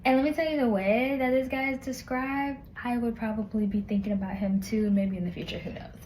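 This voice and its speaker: A woman reviewing a book in casual, animated chat, retelling the plot with slang and lots of asides. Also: fairly high pitch, fairly quick, a little hiss or hum, poor audio.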